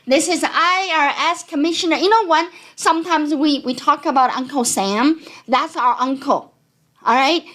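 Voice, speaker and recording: A woman accountant with a non-native accent, giving a conversational, animated talk to explain tax scams. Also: high-pitched, normal speed. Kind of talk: educational talk.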